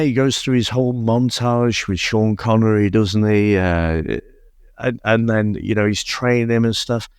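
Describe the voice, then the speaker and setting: Sweary, low-voiced man. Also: darkish tone, no room sound, clean studio sound. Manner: sweary, incredulous, many restarts. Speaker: podcast co-host. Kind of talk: casual film review chat.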